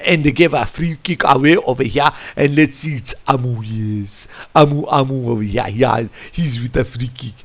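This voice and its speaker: A man coaching football, reviewing a match over a tactics board in an animated, rambling way. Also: mid-range voice, moderate pace. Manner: animated, rambling, keeps saying "I tell you". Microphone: computer mic. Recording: lo-fi screen recording.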